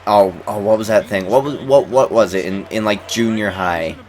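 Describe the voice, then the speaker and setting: A gaming YouTuber in his twenties rambles casually over a basketball video game, repeating words and chuckling as he goes. His voice is lowish and darkish in tone, at a normal speed.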